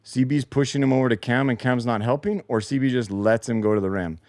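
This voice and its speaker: A man with a quick, mid-range, darkish voice hosts a post-game show from his basement, recorded at studio quality with no room sound. Breaking down the replays, he's frustrated and sarcastic, cursing constantly.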